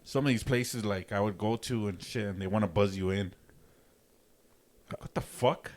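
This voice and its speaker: A man's voice: lowish voice, fairly quick, slight background noise. A middle-aged man co-hosting a podcast, telling a story in casual chat, swearing constantly and acting out his own reactions. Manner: profane, animated storyteller who acts out his own reactions. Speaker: podcast co-host.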